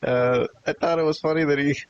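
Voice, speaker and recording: A man's voice: fairly high pitch, steady tone, a little fast. Man, casual wrestling review, laid-back chatter, dull lo-fi audio, faint hiss. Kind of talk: casual video review commentary.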